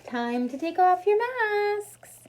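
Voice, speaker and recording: A woman reading aloud as a bossy middle-aged hostess, announcing loudly and brightly. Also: very high-pitched, very animated, takes it slowly, a little hiss or hum, pitched above the performer's own voice, heavily acted, low-quality recording. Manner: loud, announcing.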